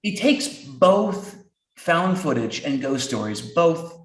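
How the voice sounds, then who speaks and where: A man's voice: a little high, big pitch swings, slow pace. A man co-hosting a podcast, talking casually in a wry, blunt way with occasional laughter. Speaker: podcast co-host. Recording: roomy echo.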